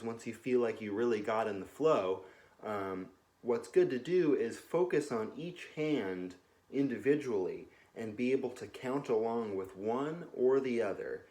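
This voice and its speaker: A young man giving a relaxed music lesson from his couch at home, often pausing with ums and uhs and counting beats aloud. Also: medium pitch, background noise. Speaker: music teacher. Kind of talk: casual instructional talk. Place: home living room, on a couch.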